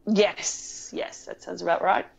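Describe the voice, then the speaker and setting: A woman's voice: mid-range voice, unhurried, creaky, low-quality recording. A woman, a film writer and director, talking casually as an interview guest, chatty and laughing often with frequent restarts.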